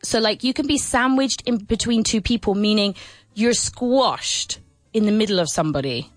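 A woman teaching English on the radio in a mid-pitched, close, dry voice. She is playful and laughs often, swinging her questions up and down in an exaggerated sing-song. Faint music sits under her. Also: normal speed, no echo. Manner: lively, playful, with many laughs. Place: radio studio.

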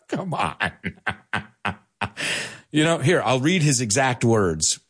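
A man teaching English to Spanish speakers, animated, explaining and repeating words as he goes. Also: medium pitch, slightly rough. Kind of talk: bilingual language lesson.

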